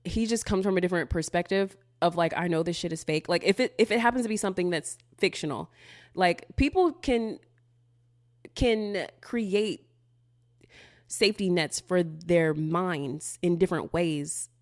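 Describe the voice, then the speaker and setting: A woman's voice: fairly low pitch, a little slow, dry recording, clean studio sound. A woman coach answering viewer questions in a loose, candid way, filling her talk with "like", swearing freely and laughing between thoughts. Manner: loose and candid, heavy use of "like", frequent swearing. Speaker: manifestation coach. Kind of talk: casual Q&A monologue.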